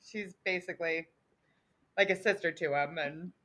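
A woman's voice: on the low side, normal speed, pushed and bright. A woman co-hosting a casual book podcast, who eagerly agrees and laughs along. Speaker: podcast co-host. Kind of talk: casual book club chat.

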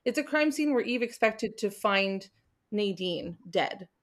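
A woman's voice: medium pitch, expressive, a little slow. Thoughtful woman in a casual book chat.

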